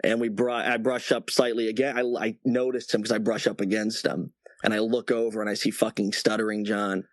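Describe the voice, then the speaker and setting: Caller, 20s man, rambling and halting story, dry close sound. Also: fairly low pitch, level tone, no room sound. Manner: rambling, halting, with many restarts. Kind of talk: casual call-in storytelling.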